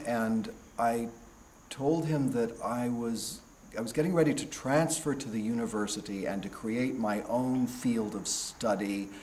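A man from California with an American accent, recounting his path into stage acting in an unhurried, reflective way, often restarting and trailing off. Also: on the low side, a little mellow. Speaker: stage actor being interviewed. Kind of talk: reflective storytelling interview. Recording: roomy echo, faint background noise.

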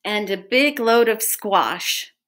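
A woman's voice: medium pitch, animated, a little slow, a bit bright. A woman doing a snarling, bossy varmint. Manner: snarling, barking orders. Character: gruff, bossy male forest varmint.

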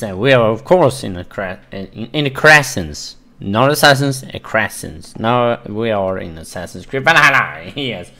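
Man, let's-play commentary, excitable, swearing, lively pitch, unhurried. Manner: excitable, swearing, exclaiming and laughing while playing. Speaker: gaming video host.

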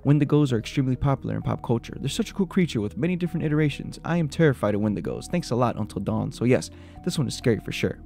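An animated, gravelly mid-range voice belongs to a man hosting an urban legends video. He jumps quickly between spooky storytelling and joking reactions, with soft music playing beneath.

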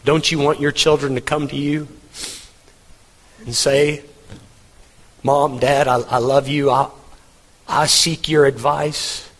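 A man's voice: on the high side, level tone, takes it slowly, pauses often, fairly bright tone. A middle-aged man preaching a sermon as pastor, earnest and emphatic, repeating his words for weight. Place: church hall. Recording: long hall reverb.

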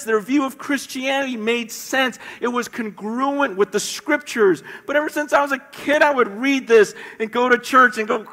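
A middle-aged man from the United States preaching a sermon, telling stories in an animated way and repeating words as he goes. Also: extremely high pitch. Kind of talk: sermon storytelling. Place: church sanctuary. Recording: echoey church hall.

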